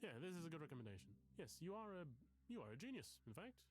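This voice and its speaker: A man's voice: a little high, big pitch swings, fast talker, soft background music. An actor voicing a melodramatic, self-pitying male English professor in a video game, with a florid, theatrical way of talking. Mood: brooding. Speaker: therapy client.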